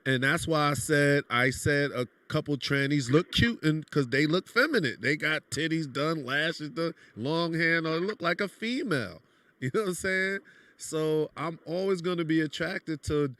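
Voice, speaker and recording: A New York man with a New York accent speaks bluntly as a guest in casual podcast chat. His fairly high, bright voice has a forceful tone and a slightly slow pace. He comes across as streetwise and keeps repeating "you know what I'm saying."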